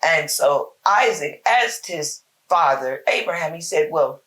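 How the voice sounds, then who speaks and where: A woman hosting a short Bible talk, preaching in a slow, emphatic, folksy way with lots of repetition. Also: low voice, expressive, a bit bright. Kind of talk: informal spoken devotional.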